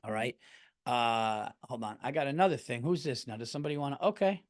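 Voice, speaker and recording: A man's voice: mid-range voice, brisk, no room sound, studio quality. A man hosting his podcast in a casual monologue, ranting with profanity and slipping into mocking impressions. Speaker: podcast host.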